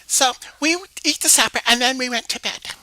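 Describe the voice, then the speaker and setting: A woman's voice: high-pitched, moderate pace, sharp tone. A woman voicing a naive, chattering eight-year-old girl who rambles breathily through her story with stammered restarts, often half-whispering. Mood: childish chatter. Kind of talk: comedic one-woman voice sketch.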